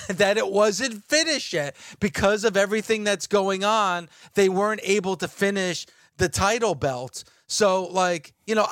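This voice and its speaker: A man's voice: high-pitched, a bit bright, dry recording, studio quality. A man co-hosting a talk radio show, defensive and insistent, repeating his points in heated banter.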